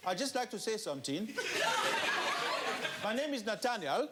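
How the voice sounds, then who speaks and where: A man's voice: very high-pitched, wildly swooping pitch, takes it slowly, heavy background noise, full character voice. A man playing a self-important Nigerian accountant who lectures the crowd in a Nigerian accent. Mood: pompous. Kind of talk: stand-up character comedy. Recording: live show with loud audience laughter.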